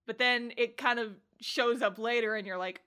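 A young woman co-hosts a casual podcast in a slightly high voice. She is animated and laughs often, and she acts out the characters' lines as she retells scenes. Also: normal speed. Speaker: podcast co-host. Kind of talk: casual chat.

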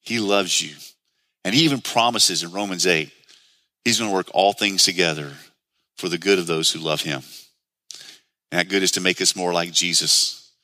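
A man's voice: sits low, moderate pace, pauses often, sharp tone, no echo. A man preaching a sermon in an earnest, conversational way, asking the listeners many questions. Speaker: pastor.

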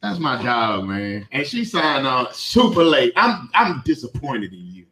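A man's voice: medium pitch, sing-song, a little slow, pushed and bright, low-quality recording. A man hosting a podcast in casual chat, laid-back and easy. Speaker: podcast host.

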